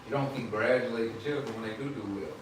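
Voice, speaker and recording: A man's voice: mid-range voice, steady tone, fast talker. A man with a mid-range voice reads scripture aloud for his study group and adds his own comments. He sounds distant in a very echoey room. A faint hiss sits behind him. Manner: reads scripture out loud and clear. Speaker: Bible study participant and scripture reader. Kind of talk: casual group discussion.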